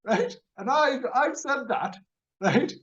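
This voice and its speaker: Over dull-sounding audio, a middle-aged radio host with a high-pitched voice shares an anecdote at a normal pace. It's a casual chat show, and he tells the story with animation, chuckling at his own expense.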